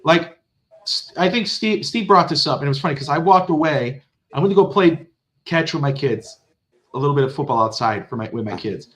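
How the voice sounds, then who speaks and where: A man co-hosting a casual sports podcast, animated and cursing, acting out quotes. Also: fairly quick. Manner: animated, swears, acts out quotes in a high excited voice. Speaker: podcast co-host.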